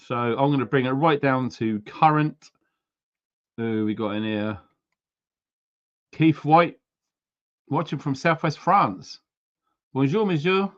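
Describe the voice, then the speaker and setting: A man's voice: mid-range voice, a bit bright, lo-fi sound. A man hosting a casual livestream, greeting viewers by name and place in a chatty way with frequent ums. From United Kingdom. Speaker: livestream host.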